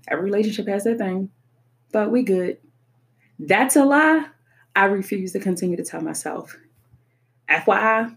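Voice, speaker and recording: A young adult woman speaking earnestly and emphatically about personal experience, often repeating her points. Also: medium pitch. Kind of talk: personal reflective talk.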